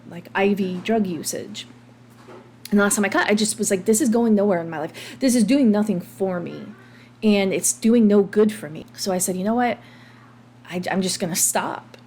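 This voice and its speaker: An American woman in her thirties speaks frankly in a personal podcast monologue, her voice pitched in a middle register. She talks in an open, confessional way, stopping to restart phrases and filling gaps with ums. A faint hum sits under the recording. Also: a little mellow. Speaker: podcast host.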